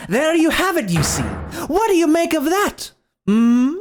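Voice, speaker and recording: A man voicing a pompous, boastful gentleman detective from a game, talking in a grandiose, theatrical way. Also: very high voice, very animated, a little slow, background noise, pitched above the performer's own voice, heavily acted. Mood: smug. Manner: grandiose, theatrical, self-assured. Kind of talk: reading game dialogue aloud. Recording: game music playing behind.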